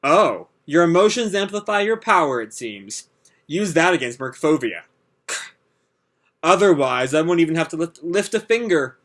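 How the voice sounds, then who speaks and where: A man reading aloud as a cold, mocking male fire dragon villain from a manga, in a calm, taunting tone. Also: fairly high pitch, normal speed.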